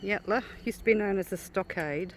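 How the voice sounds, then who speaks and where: An Australian woman narrating a stroll through a creekside park, pointing things out in an easy, chatty way. Her voice sits at an ordinary middle pitch for a woman. Clear outdoor noise runs behind her. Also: a little fast, low-quality recording. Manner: chatty, explains history matter-of-factly. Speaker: vlog co-host and walk guide. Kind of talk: casual outdoor walking vlog.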